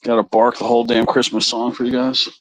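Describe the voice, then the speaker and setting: A man's voice: medium pitch, little pitch movement, a little fast, dry recording, poor audio. A man hosting a live stream, chatting casually and crudely to his viewers in a rambling way. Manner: rambling, crude, talks straight to the chat.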